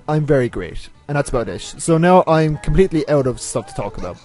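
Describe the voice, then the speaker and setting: A man's voice: fairly high pitch, very animated, a little fast, soft background music. A man with a stuffy, nasal voice from a cold, hosting a rambling, self-mocking let's play commentary. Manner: rambling, self-mocking, drifts between loud and mumbled asides. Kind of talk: casual gameplay commentary.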